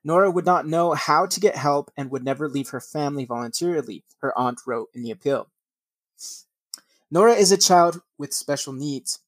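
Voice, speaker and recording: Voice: medium pitch, dry recording. A young adult podcast host casually reading news stories aloud, swearing often, laughing and tripping over words.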